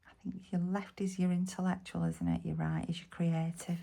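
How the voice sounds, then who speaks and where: A woman from Bolton in the north of England, her Lancashire accent plain in a slightly low-pitched voice. She chats casually through a craft tutorial and drops into soft, half-whispered mutters as she works. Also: little pitch movement, moderate pace, creaky. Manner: chatty, muttering half-whispered asides while working. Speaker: craft vlogger.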